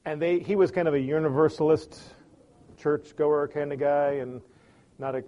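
A man's voice: a little high, fairly even intonation, unhurried, warm tone, highs cut off. A man giving a lesson on listening in a conversational way, telling stories and acting out the people in them. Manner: conversational, acts out quoted people. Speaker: teacher on listening. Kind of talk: lecture with anecdotes.

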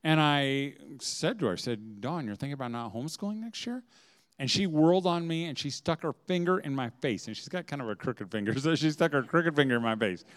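A man speaking to a room of mothers, telling humorous stories with lots of laughter and big swings in loudness. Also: fairly high pitch, lively intonation, brisk, hardly any pauses, clean tone. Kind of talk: humorous talk to a live audience. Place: room with an audience.

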